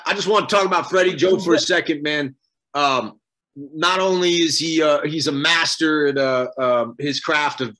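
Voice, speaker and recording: A man, an actor on a reunion panel, speaking earnestly and haltingly with many pauses and fillers. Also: medium pitch, bright, forceful tone.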